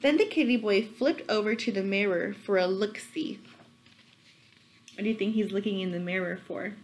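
A woman reading a children's picture book aloud, expressive and pausing to ask her listeners questions. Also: medium pitch, rough recording.

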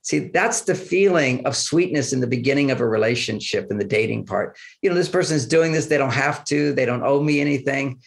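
A man's voice: medium pitch, lively intonation, fairly quick, creaky, few pauses. A man guest in an interview, telling personal stories about relationships in an easygoing way and acting out bits of dialogue. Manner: anecdotal, acts out quoted dialogue, chuckles often. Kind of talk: conversational storytelling interview.

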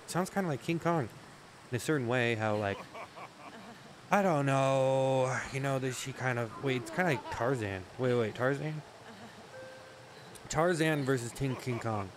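A man talks in a loose, rambling comic monologue, often stopping himself mid-thought and swearing for laughs. His pitch sits in an ordinary middle range. A steady hiss of noise runs under the recording. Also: unhurried, pauses often. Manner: rambling, self-interrupting, swears often, jokey. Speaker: comedy vlogger.

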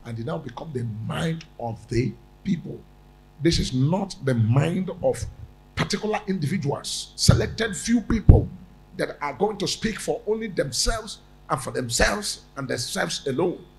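A man's voice: a little high, expressive, a little slow, creaky, darkish tone, a little hiss or hum, poor audio. A man preaching as a prophet, pressing each point through repeated phrases, now and then stalling on a word before pushing on. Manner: emphatic repetition with stammered restarts. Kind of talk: sermon.

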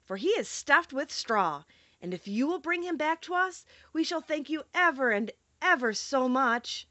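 Lady doing a little girl voice, eager and polite, bouncy pitch, storybook read. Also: animated, unhurried, pushed and bright, no echo, heavily acted. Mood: earnest. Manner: eager, raised voice. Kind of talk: audiobook character reading.

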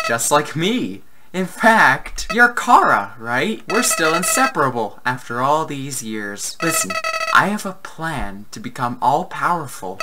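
A man's voice: a little high, heavy background noise. Flowey, a man doing a cold scheming flower. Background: game music.

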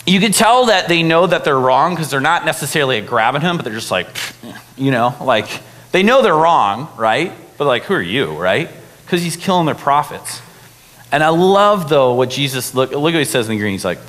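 Young male pastor, casual animated sermon, slightly high voice, long church-hall reverb. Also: normal speed. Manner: casual, animated preaching with many fillers.

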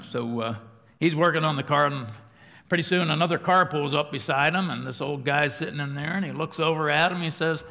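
A man preaching a sermon in a church, telling folksy stories and moving between hushed prayer and loud emphasis. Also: a little high, moderate pace, creaky. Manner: folksy storytelling, swings from quiet prayer to loud. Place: church sanctuary. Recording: church livestream with long hall reverb.

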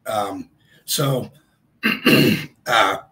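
A man with a lowish voice hosts a casual live stream, rambling along and greeting viewers by name. His voice sounds a little congested and hoarse. He talks into a streaming mic at his desk. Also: very slow, pushed and bright, low-quality recording.

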